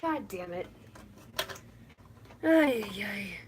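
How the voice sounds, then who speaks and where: Extremely slowly and in a mid-range, animated voice, a woman on a casual live stream chases runaway crickets into a cage, growing frustrated, cursing, and restarting her stammered sentences. The background is noisy.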